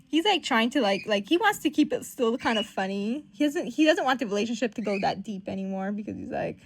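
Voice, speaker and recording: A woman's voice: fairly high pitch, lively intonation, a little fast. A woman giving casual, profane, chatty commentary while reading comics aloud. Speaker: comic reader.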